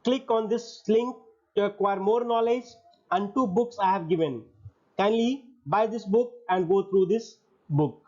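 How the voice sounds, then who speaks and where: High-voiced man giving an online lecture. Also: measured pace, darkish tone. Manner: reads slide points, then restates them. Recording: dull lo-fi audio.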